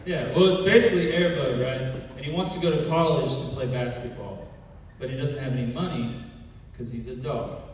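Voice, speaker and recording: A man performing a stand-up comedy set, telling a story in a deadpan way and dropping low and quiet for punchlines. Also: fairly quick, very echoey, long reverb tail, far from the mic, slight background noise, poor audio. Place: comedy club stage.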